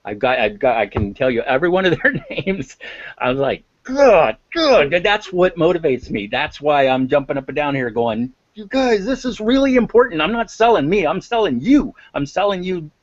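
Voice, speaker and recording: A man's voice: on the high side, big pitch swings, brisk, dry recording, muffled recording. A man speaking as an interview guest on emotional intelligence, impassioned and emphatic, repeating words for stress. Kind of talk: interview talk.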